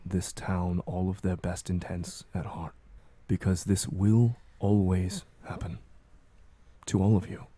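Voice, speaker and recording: A man voicing a calm, cold woman mind mage in armor, in a tabletop horror game. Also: low-pitched, husky, no echo.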